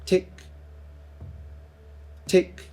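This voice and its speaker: A man narrating a tabletop role-playing game as game master, in slow, hushed, dreamy descriptions.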